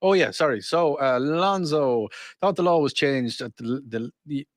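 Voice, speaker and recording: A man's voice: mid-range voice, lively intonation, a little slow, no echo, studio quality. A man co-hosting a podcast in casual chat, joking and telling stories. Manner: joking, storytelling. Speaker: podcast co-host, comedian.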